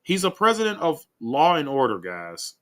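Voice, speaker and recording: A man's voice: fairly high pitch, huge pitch swings, normal speed. A man hosting a casual commentary video, rambling and saying "guys" and "um" often. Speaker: commentary channel host.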